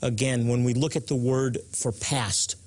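A man's voice: mid-range voice, steady tone, measured pace, darkish tone, husky. A man hosting a religious talk show, speaking earnestly and pressing key points home for viewers.

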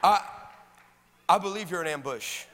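A pastor delivering an energetic, humorous sermon that swings into shouting. His voice is high and bright, carried by a long reverb in a large church hall with faint noise behind. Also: moderate pace.

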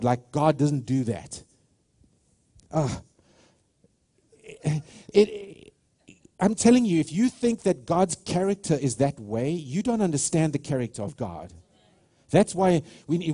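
A man's voice: on the high side, expressive, normal speed, dark tone. A man preaching a sermon with passion, stressing his points and often restarting his sentences. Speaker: pastor.

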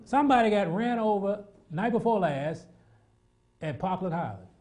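In a high-pitched but warm and relaxed voice, a man preaches, rising to rapid, loud exhortation where excitement makes him repeat and stumble over words. Then he softens into gentle, intimate prayer.

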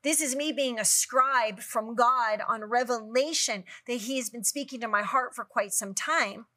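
Bright-voiced woman preaching earnestly. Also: a little high, normal speed. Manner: earnest, preacherly, scripture-quoting. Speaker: guest author. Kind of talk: faith talk show conversation.

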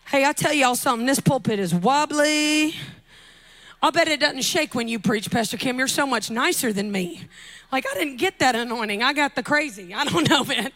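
A high-voiced, bright woman with a drawl preaches from a church pulpit. She jokes with the crowd, builds to shouted climaxes, then drops low and soft to press her point home. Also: moderate pace. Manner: animated, joking asides, shouting climaxes, drops to soft intimate tones. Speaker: guest preacher. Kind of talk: lively sermon.

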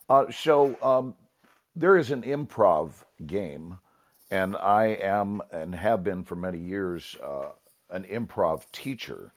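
A man, an improv teacher, explaining a game in a talk show conversation, at times chanting in rhythm. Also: low voice. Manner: animated, rhythmic chanting and snapping; occasional coughs, pauses to sip water.

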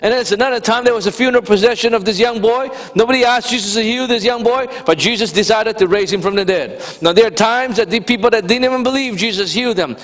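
A man preaching a sermon, animated and conversational, rising to shouts for emphasis and talking directly to the congregation. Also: sits high. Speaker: pastor. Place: church sanctuary. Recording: long reverb of a church hall.

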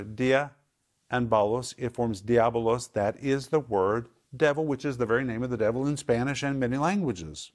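A man teaching scripture on a broadcast program, his voice sitting at an ordinary middle pitch. He hammers his points home by repeating words and slows right down on the key terms. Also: darkish tone. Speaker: Bible teacher.

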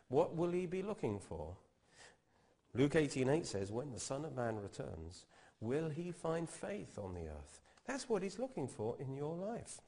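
A man's voice: medium pitch, warm tone. A man preaching a teaching sermon, explaining step by step and quoting scripture with rising emphasis.

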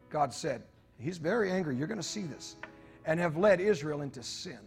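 A man's voice: sits high, fast talker, soft background music. A man preaching a sermon in church, reading scripture aloud with joking asides to the congregation. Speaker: pastor.

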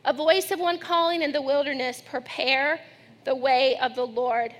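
A middle-aged woman pastor preaching a sermon, telling family stories with lively acted-out quotes. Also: high-pitched, moderate pace. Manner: storytelling, animated when acting out her daughter.

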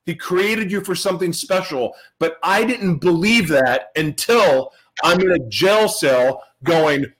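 A man giving a personal testimony speech to an audience, earnest and emotional, repeating phrases for emphasis and dropping to a hush at tender moments. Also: high voice, a little slow, poor audio. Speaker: motivational speaker sharing his life story.

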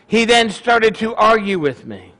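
A man, a rabbi, giving a sermon in a conversational, animated storytelling way. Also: high-pitched, measured pace.

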